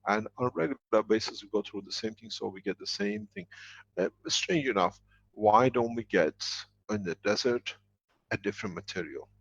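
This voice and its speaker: A man's voice: lowish voice, animated, moderate pace, vocal fry, a bit bright, husky, dull audio. A man answering questions in a live online teaching session, explaining at length with emphatic, rambling sentences.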